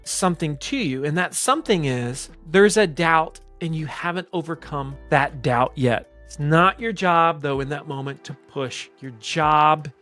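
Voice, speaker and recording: A man coaching salespeople on camera, talking slowly, calmly and deliberately. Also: fairly high pitch, soft background music. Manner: slow, calm, deliberate coaching delivery. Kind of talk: direct-to-camera teaching.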